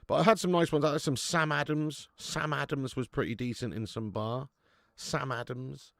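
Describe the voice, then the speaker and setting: A man's voice: mid-range voice, fairly even intonation, normal speed, gravelly, a bit bright, dry recording, studio quality. A man with a British English accent hosting a live football watch-along, bantering, swearing and reading out viewer chat. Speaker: host.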